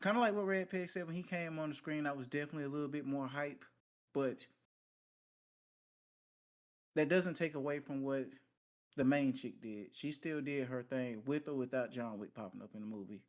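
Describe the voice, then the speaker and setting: A man's voice: medium pitch, brisk. Chill guy, mid voice, giving his movie take on a podcast. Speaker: podcast co-host. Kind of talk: casual chat.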